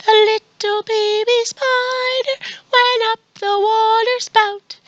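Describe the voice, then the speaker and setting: A woman voicing a tiny baby spider, singing in a small high voice for a children's song. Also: steady tone, slow, a bit bright, no room sound, lo-fi sound, heavily acted.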